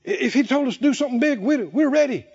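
A man's voice: extremely high pitch, expressive, quick pace, creaky, slightly rough, lo-fi sound. A man preaching a sermon, telling stories dramatically and acting out the voices of the people in them. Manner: dramatic storytelling, acting out voices, shouting peaks.

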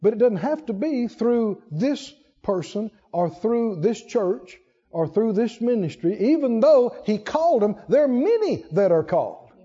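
A man preaching in a high, mellow voice that leaps and drops all over. He throws high emphatic bursts at the congregation and then sinks into quiet asides. The sound is dull and lo-fi, with a long reverb trailing off the walls. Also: sing-song, a little slow, husky. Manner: acts out quoted prayers and God's words in raised voice. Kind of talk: sermon.

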